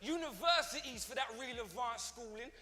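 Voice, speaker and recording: A British man delivers battle rap bars aggressively, punching the lines out in a rhythmic flow. His voice sits high and cuts through brightly. The live recording echoes around the venue, with music underneath. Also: lively intonation, moderate pace. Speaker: battle rapper.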